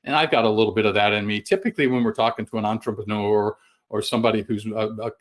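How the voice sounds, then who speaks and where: A middle-aged man presenting a webinar over a video call, folksy and halting, with many fillers and restarts. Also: lowish voice, fairly even intonation. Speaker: guest sales trainer.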